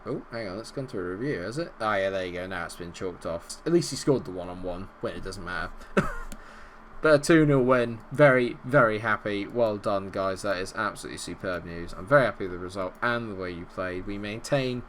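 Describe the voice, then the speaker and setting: A man commentating on his own football management game, animated and bursting into shouts at goals, a little unwell. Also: deep voice, fast, hardly any pauses, slight background noise. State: unwell, not feeling great. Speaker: gaming video host.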